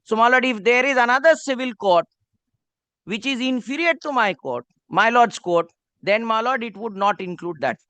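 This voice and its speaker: A man's voice: extremely high pitch, lively intonation, normal speed, sharp tone, no room sound. A man with a Bengali-accented Indian English voice arguing a case before a judge, deferentially reading clauses aloud. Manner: deferential, says "my lord" constantly, reads clauses aloud. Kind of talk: courtroom legal argument. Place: courtroom.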